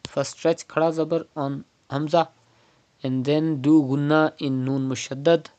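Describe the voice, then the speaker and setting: A man teaching Quran recitation online, explaining pronunciation rules step by step and repeating words slowly as examples. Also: on the high side, level tone, darkish tone, lo-fi sound. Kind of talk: online tajweed lesson.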